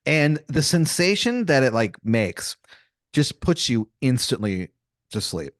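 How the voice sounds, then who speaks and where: A young man improvising a comic story on a podcast, rambling with many fillers and mock-dramatic pauses. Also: mid-range voice, big pitch swings, dry recording, clean studio sound. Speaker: podcast co-host telling an improvised scenario.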